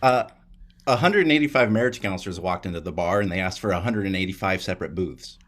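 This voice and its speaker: Man, improv player, very deep voice, fast, deadpan. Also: a little hiss or hum.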